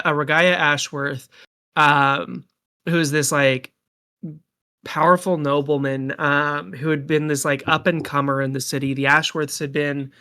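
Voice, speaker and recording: A man narrates as game master of a live tabletop game, wandering through his description with plenty of ums and likes. His voice is bright and a little sharp. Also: on the high side, clear, resonant tone. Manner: rambling, many ums and likes. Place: home setup, streamed live.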